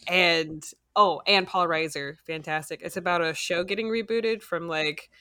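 A woman's voice: on the low side, normal speed, sharp tone, dry recording. A woman co-hosting a podcast in casual chat, talking in a chatty way full of fillers and laughing often. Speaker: podcast co-host.

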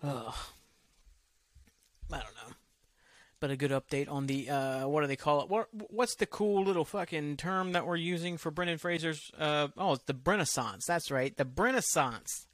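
A man's voice: a little high, normal speed, fairly bright tone, dry recording. A man hosting a solo podcast, rambling from topic to topic in loose, profane talk that often trails off. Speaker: podcast host.

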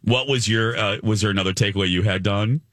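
A man co-hosting a podcast, chatting casually about a reality show with quick asides. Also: on the low side, fairly bright tone, no room sound, studio quality. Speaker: podcast co-host.

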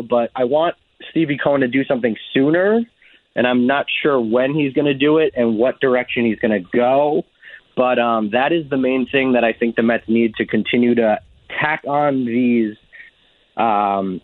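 A man's voice: medium pitch, no echo. Hesitant male caller on a tinny phone line. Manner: hesitant, many ums. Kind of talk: call-in radio chat.

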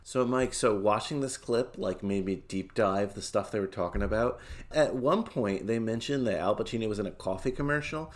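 A man's voice: on the low side, normal speed, hardly any pauses. A man co-hosting a podcast, chatting animatedly and laughing often. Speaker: podcast co-host. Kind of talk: casual chat.

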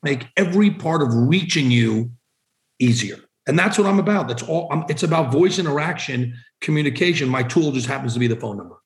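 Podcast guest: man with a slightly high voice, direct and emphatic, recorded in a roomy space. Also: expressive, brisk. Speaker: vanity phone number seller. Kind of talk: conversational podcast interview answers.

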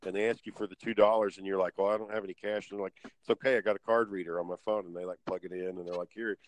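A man's voice: sits low, level tone, very fast, no room sound, low-quality recording. A man chatting casually as a podcast co-host, telling stories in a rambling way full of fillers and restarts. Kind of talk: casual chat.

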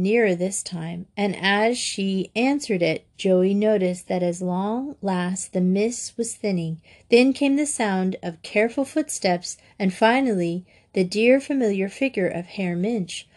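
Woman audiobook narrator, unhurried pace, mid-range voice, measured storytelling. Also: medium pitch, a little mellow. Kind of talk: audiobook reading of a classic novel.

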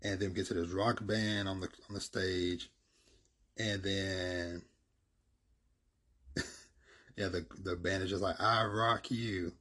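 Deep, husky man retelling a comic. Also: little pitch movement, takes it slowly, long pauses, a bit bright. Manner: rambling, filler-heavy.

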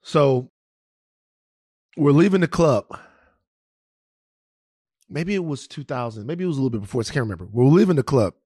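A man from Louisiana co-hosting a podcast and telling a story in casual, profane, animated chat with many restarts. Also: medium pitch, moderate pace, pauses often, slightly rough, no room sound, studio quality. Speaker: podcast co-host.

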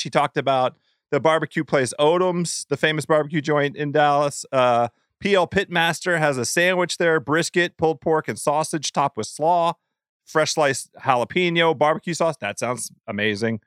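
A man hosts a casual food podcast in a smooth, clear voice that sits a little high. He talks in an animated way, laughing often and tripping over restarts. The sound is dry and close. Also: moderate pace, dry recording. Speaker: podcast host.

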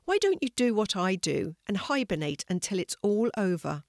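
Storyteller doing a quick, helpful hedgehog, a storybook creature with somewhere to be. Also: female voice, medium pitch, sing-song, no echo, clean studio sound. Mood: friendly. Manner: brisk and chatty. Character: kindly male hedgehog, busy and practical.

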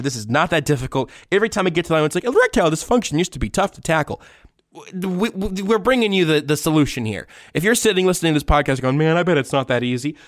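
A man's voice: fairly high pitch, a bit bright, no room sound, clean studio sound. Rambling, jokey man hosting a sports podcast. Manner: rambling, jokey, trails off into awkward asides. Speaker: podcast host. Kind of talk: casual chat with a read-out sponsor ad.

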